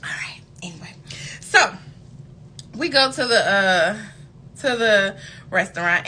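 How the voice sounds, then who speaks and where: A young woman who reads tarot, telling a story to her viewers in a casual, animated and profane way. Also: high voice. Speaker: tarot reader.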